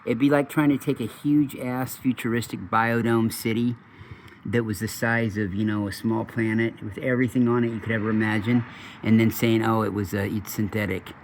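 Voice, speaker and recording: A man's voice: mid-range voice, little pitch movement, normal speed, a little hiss or hum. A man hosting his own channel, telling a long rambling story in a casual, profane, digressive way. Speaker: channel host.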